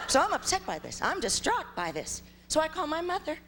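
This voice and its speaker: A young adult woman from Ohio performing a stand-up comedy set with animated, exaggerated storytelling on a live stage. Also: high voice, a little fast, a loud crowd, heavy background noise.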